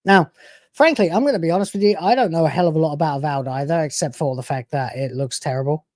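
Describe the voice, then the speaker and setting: A woman's voice: low voice, fast, a little mellow, no echo, clean studio sound. A woman hosting a reaction channel, giving sarcastic, profane, mocking commentary over clips.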